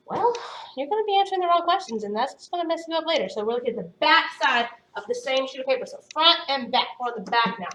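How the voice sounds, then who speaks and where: A woman teaching a phonics lesson to young students, patient and encouraging, sounding words out slowly. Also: a little high, bright, forceful tone. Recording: echoey room, voice from a distance.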